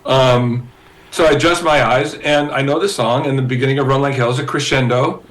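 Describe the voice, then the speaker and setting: A man in a medium register tells a lively story as a podcast guest. He is animated and stumbles into restarts and fillers as he goes. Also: medium pitch, fairly quick, rough recording. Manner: animated storyteller, acting out quoted voices. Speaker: guest guitarist.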